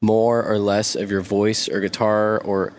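A man co-hosting a podcast, telling stories in an animated, chatty way. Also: lowish voice, unhurried. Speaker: podcast co-host. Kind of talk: casual chat, storytelling.

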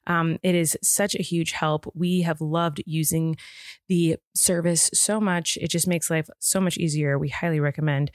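A woman's voice: sits low, fairly even intonation, a little slow, dry recording, studio quality. A woman co-host reading a sponsor ad in an upbeat, persuasive way. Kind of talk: read sponsor ad.

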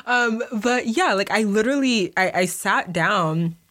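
A woman's voice: mid-range voice, animated, a little slow, a bit bright. A young woman hosting her podcast from a home basement, talking in a rambling, unscripted way and laughing often. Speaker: podcast host. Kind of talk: unscripted casual chat.

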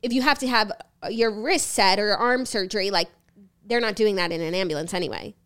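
Fast-talking woman co-host. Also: medium pitch, fairly bright tone, smooth. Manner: fast, retells scenes with quoted voices. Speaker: podcast co-host. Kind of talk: casual chat.

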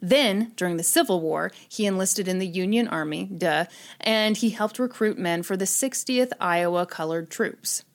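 A woman's voice: mid-range voice, moderate pace. A woman hosting a chat show, telling a history story in a casual, irreverent way with frequent swearing and laughter.

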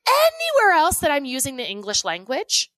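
A playful woman co-host in a casual podcast chat, quick to laugh. Her voice is very high and bright, swinging widely in pitch, and it sounds dry and close to the mic. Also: huge pitch swings, no room sound.

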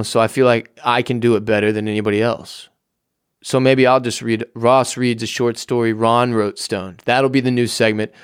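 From his home office, a man signs off his solo podcast in a rambling, jokey, profane way. His mid-range voice is clear and resonant, with no echo and studio-quality sound.

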